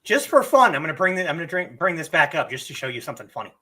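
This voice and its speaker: Casual livestream teacher: unhurried, animated, bright-voiced, slightly hoarse, keeps clearing their throat. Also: mid-range voice. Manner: slow and deliberate, clears throat often. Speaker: livestream host.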